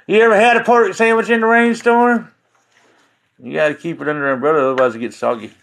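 A man's voice: high-pitched, fairly even intonation, fast, gravelly, fairly bright tone. Guy rambling on his livestream at home, jokey folksy talk, loses his train of thought a lot. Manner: folksy, joking, easily sidetracked. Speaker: livestream host. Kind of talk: rambling live-stream chat.

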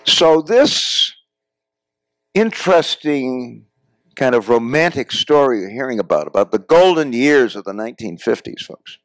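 Here the older American guest speaker's voice is mid-range, animated and unhurried, with no room sound. Telling personal stories to a class in a classroom or lecture hall, he frequently addresses his listeners as "folks."

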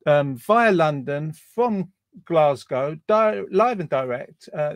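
A man's voice: on the high side, vocal fry, dry recording, clean studio sound. A man hosting a casual online chat show over a video call, playful and rambling, teasing his guests. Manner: playful, rambling, self-mocking. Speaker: host.

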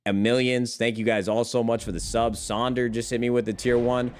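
A man's voice: mid-range voice, level tone, a little fast, slight background noise. A young man streaming live, chatting casually with viewers in a rambling way, swearing freely and calling them brother.

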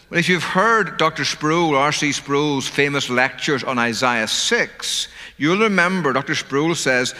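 A man preaching a sermon, slowing down to stress key words. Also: fairly high pitch, pushed and bright. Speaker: pastor. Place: church sanctuary. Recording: church hall with long reverb.

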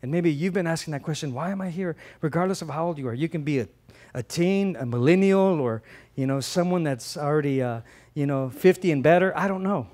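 A man preaching a sermon as a pastor, conversational and animated, often repeating words and swinging between loud emphasis and soft asides. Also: fairly high pitch, fairly quick.

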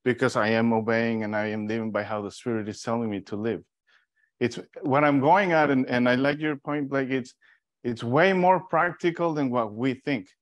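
A man from Mexico teaching an informal Bible study, telling stories in a lively, animated way with restarts. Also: medium pitch, moderate pace, dry recording.

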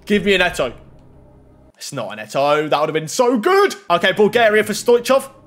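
Fairly quick and high-pitched, a young man keeps up casual commentary while opening FIFA packs on YouTube, his voice climbing into excited yells.

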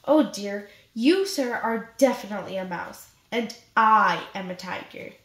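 A woman's voice: mid-range voice, lively intonation, a little slow, a bit bright. A woman voicing a teasing storybook animal that mocks a small mouse. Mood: mocking. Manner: scoffing, mocking. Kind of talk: storybook read-aloud. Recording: roomy echo.

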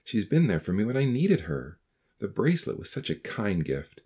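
A man's voice: fairly low pitch, sing-song, moderate pace, mellow, husky, voice pushed down, heavily acted. A man voicing an earnest, slightly awkward teenage boy in a storybook reading. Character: earnest teenage boy, newly baptized, eager to encourage.

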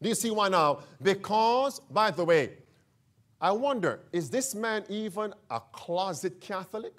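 High-voiced, slow, emphatic preacher man. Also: lively intonation, a bit bright. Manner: emphatic call-and-response questions; addresses listeners as friends. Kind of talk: sermon.

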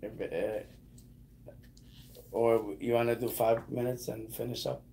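A man teaching a beginner one-on-one in a casual lesson, patiently repeating words slowly. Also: mid-range voice, fairly even intonation, vocal fry, dark tone, a little hiss or hum. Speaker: Arabic teacher.

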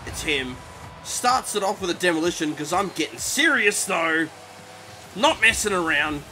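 Excitable man over gameplay. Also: high voice, moderate pace, a little hiss or hum. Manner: excitable, exclaims and groans, self-mocking. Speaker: gaming commentator. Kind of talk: live gameplay commentary.

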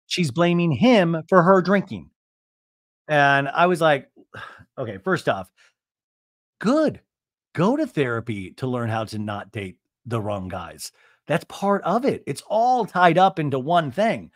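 A man's voice: on the high side, sing-song, slow pace, no room sound, studio quality. A man hosting a podcast, giving a casual comic recap in a sarcastic, chatty, exasperated way. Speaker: podcast host. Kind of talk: casual comedic recap commentary.

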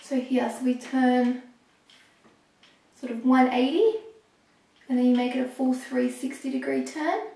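A young woman talking through a hair tutorial step by step, a little hoarse as she is losing her voice. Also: high voice, fairly even intonation, mellow, recorded from a distance. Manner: chatty, explaining step by step with pauses. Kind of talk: casual how-to talk while working. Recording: echoey room, voice off-mic.

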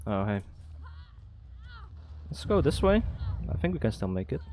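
A man streaming a video game and talking through every move, his voice leaping up and down in pitch as he gets worked up. He swears freely and laughs often, with faint game music underneath. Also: sing-song, a little slow, darkish tone. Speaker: gaming streamer. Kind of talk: live gameplay commentary.

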